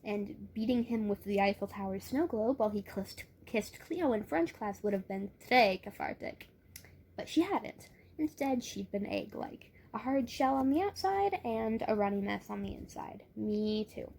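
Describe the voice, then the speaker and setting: A woman's voice: mid-range voice, lively intonation, moderate pace, vocal fry, darkish tone, slight background noise. A young woman reading a novel aloud and commenting on it, chatty and wry, often stumbling and correcting herself. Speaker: book reader and reviewer. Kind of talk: casual read-aloud with asides.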